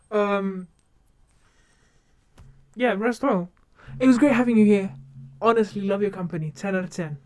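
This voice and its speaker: A young woman streamer in casual live-stream chat, talking quickly and rambling, with lots of fillers and restarts. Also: mid-range voice, a little mellow, no echo. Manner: rambling, fast and talkative with many fillers. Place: home streaming setup.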